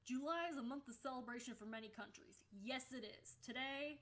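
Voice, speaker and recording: A young woman talks through a casual vlog in a chatty, blunt way, dropping swear words offhandedly. Her voice sits a little on the high side. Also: brisk, a bit bright. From United States. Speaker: vlogger.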